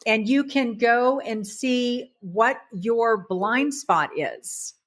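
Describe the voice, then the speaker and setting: A woman guest in conversation, telling a family story in an animated way. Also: fairly high pitch, drawn-out words. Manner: animated, acts out voices in stories.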